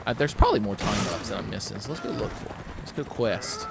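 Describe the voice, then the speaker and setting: A man giving casual, profane, joking commentary over his own gameplay, rambling and breaking into loud exclamations. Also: on the low side, expressive, fast talker, vocal fry, heavy background noise. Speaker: let's play commentator. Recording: game music behind the voice.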